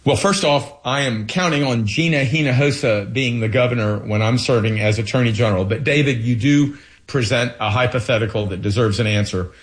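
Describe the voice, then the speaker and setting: A man's voice: medium pitch, brisk, hardly any pauses. A man who is running for attorney general, answering an interview in an earnest, storytelling way with many fillers and restarts. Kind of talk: political interview.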